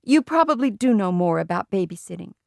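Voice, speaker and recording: A woman's voice: mid-range voice, big pitch swings, a little fast, vocal fry, darkish tone, no room sound, clean studio sound. A woman voicing a flustered, anxious mother of two boys for a storybook reading. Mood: fretting. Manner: anxious and fretting.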